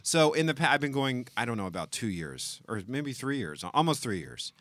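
Bright laughing man, dry close sound. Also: medium pitch, normal speed, no echo. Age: 40s. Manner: animated, self-deprecating, laughs often. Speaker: podcast co-host. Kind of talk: casual banter.

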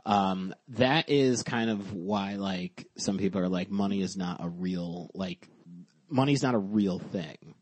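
A man hosting a podcast remotely, talking in a monotone, cursing casually and rambling with lots of fillers. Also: low voice, measured pace, slightly rough, no room sound. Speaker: podcast host.

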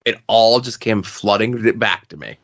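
A man's voice: fairly low pitch, lively intonation, measured pace, fairly bright tone. Podcast guy rambling about rereading comics, muffled lo-fi sound. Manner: rambling, with fillers and restarts. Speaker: podcast co-host. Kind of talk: casual comic-book chat.

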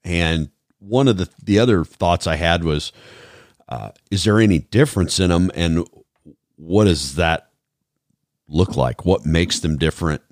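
A man hosting a podcast, talking in a measured, thoughtful way with many fillers. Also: deep voice, no room sound, studio quality. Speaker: podcast host, former trauma responder. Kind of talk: casual podcast conversation.

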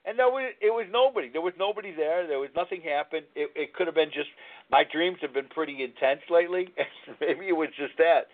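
Host, man in his sixties, higher-pitched voice, candid rambling talk, tinny phone-line audio. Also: a little fast. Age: 60s. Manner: candid, rambling storytelling with frequent restarts. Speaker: radio show host. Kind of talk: live radio talk on recovery.

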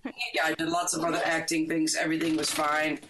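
An older woman, a rock musician, telling stories in a casual interview, animated and quick to laugh, acting out the lines she quotes. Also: low-pitched, background noise. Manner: animated, laughs often, acts out quoted dialogue.

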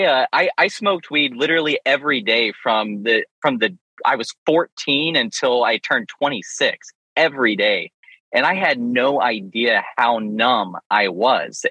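Man in his 30s, frank and open, bright tone, husky voice. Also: medium pitch, moderate pace, no room sound, rough recording. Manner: frank and open, sharing personal experience with self-deprecating humor. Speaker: pet care business owner, panelist. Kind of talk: candid roundtable discussion.

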